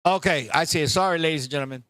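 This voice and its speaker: A man hosting a casual live-streamed talk show, telling stories in an animated, profane way with frequent laughs. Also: a little high, very fast, clear, resonant tone.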